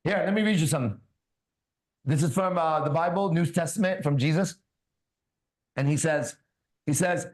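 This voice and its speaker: A man hosting a ministry talk, telling a personal story in a loose, casual way and reading scripture slowly. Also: on the high side, a little mellow. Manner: casual, tags lines with "right?" and "bro", laughs often; reads scripture slowly and deliberately. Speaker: ministry host.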